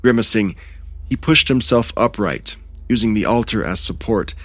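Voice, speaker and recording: A man narrating a first-person horror story in a measured, tense way. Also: fairly low pitch, fairly bright tone, no room sound.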